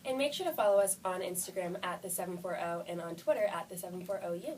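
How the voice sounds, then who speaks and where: A woman's voice: on the low side, quick pace, far from the mic, poor audio. Congested young woman radio co-host. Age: young adult. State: congested with a cold. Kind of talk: casual chat. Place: radio studio. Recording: voice a bit off-mic with faint noise.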